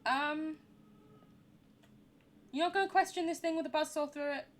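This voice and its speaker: A woman's voice: high-pitched, moderate pace. A young woman streaming a horror game, chatting in a giggly, rambling way. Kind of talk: live game commentary.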